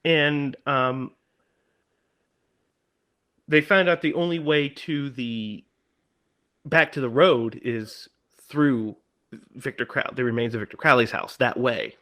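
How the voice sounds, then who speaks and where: A man co-hosting a podcast, casually retelling a film's plot and animatedly acting out its lines. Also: medium pitch. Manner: animated, acts out lines in quick put-on voices. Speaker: podcast co-host.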